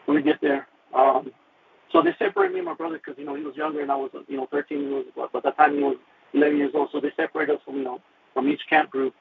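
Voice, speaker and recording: A man telling his personal faith testimony, emotional and halting, with many "you know" fillers, over a phone-like radio line. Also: mid-range voice, flat delivery, gravelly, a little hiss or hum. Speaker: guest sharing his testimony.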